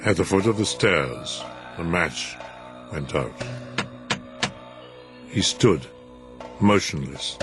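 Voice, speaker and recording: A man narrating a story in an expressive, measured reading. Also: deep voice. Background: music.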